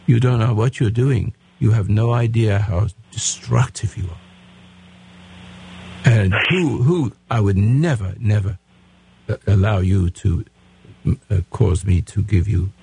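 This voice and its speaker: A man's voice: on the low side, vocal fry, a little mellow, slight background noise. A man in his eighties hosting a radio call-in advice show, lecturing his caller bluntly and restarting his sentences often. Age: 80s.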